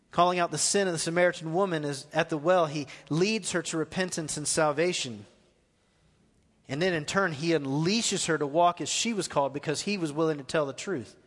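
A man's voice: fairly high pitch, moderate pace, long reverb tail. A man preaching a live sermon as pastor, asking the congregation questions as he goes. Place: church hall.

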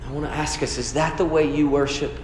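A man's voice: a little high, fairly even intonation, quick pace, a little mellow, slight background noise. A pastor preaching a sermon in an earnest, conversational way, asking his listeners questions. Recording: echoey hall with long reverb.

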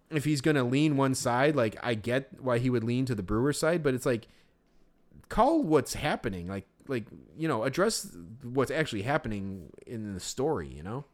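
A man co-hosting a casual sports podcast, talking in loose run-on sentences full of fillers. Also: medium pitch. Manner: rambling, heavy on fillers like "like". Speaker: podcast co-host.

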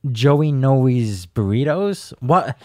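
A man co-hosts a casual podcast chat, blunt and joking. His voice sits at a middle pitch. The recording is close and dry. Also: expressive, very slow, darkish tone, no room sound. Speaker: podcast co-host.

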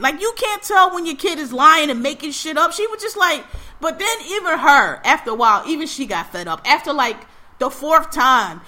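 Bright, animated high-voiced woman. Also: moderate pace. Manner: animated storytelling, acts out quotes, swears freely; laughs often. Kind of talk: casual chat.

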